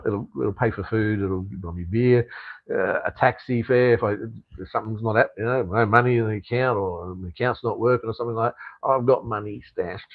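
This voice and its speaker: An Australian man rambles through a casual live stream, answering viewer comments as they come in. He swears freely and fills his talk with fillers and restarts. His voice sounds dry and close, with almost no room echo. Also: lowish voice. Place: home in Cambodia.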